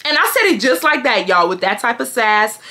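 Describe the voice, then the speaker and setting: A woman's voice: on the high side, very animated, fairly quick, pushed and bright. A young woman from Houston, Texas telling a chatty, sassy workplace storytime and mimicking the people in it. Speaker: vlogger. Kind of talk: casual storytime.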